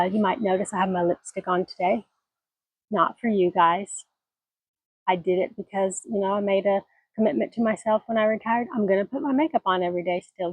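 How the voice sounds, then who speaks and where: This is a retired woman in her sixties vlogging casually outside on her mountain homestead, talking into her phone camera in a rambling, folksy manner. Allergies leave her medium-pitched voice a bit scratchy and husky, and the recording is dry.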